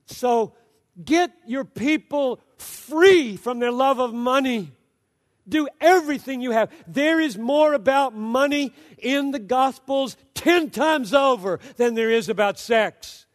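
A man preaching a sermon with passion, moving between loud exhortation and low, hushed storytelling. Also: slow pace, big-room sound.

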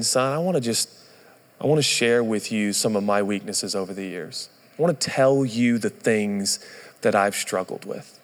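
A man in his thirties preaching a sermon, earnest and conversational, telling stories. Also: lowish voice. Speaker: pastor. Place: church auditorium. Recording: long reverb of a large hall.

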